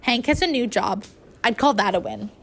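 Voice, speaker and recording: A woman voicing a gentle, tired father who speaks softly and tenderly to his daughter, in an audiobook. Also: medium pitch, expressive, moderate pace, vocal fry. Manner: soft, tender, shaky voice.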